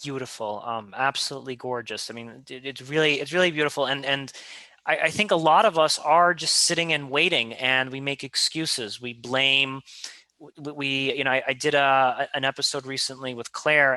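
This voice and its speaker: A man hosting a casual podcast conversation, talking in an animated, emphatic way that climbs in pitch when he makes a point. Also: no echo. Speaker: podcast host.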